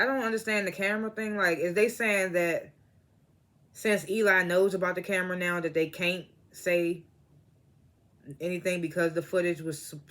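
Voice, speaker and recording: The speaker is a man whose voice sits a little high with a fairly bright tone, reviewing a TV episode in an easygoing recap. He laughs often, imitates the characters' lines, and states that he's stoned.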